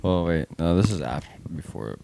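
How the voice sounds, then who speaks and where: Man, podcast co-host, low voice, laid-back replies, faint hiss. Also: expressive, normal speed, creaky, mellow. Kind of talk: casual chat.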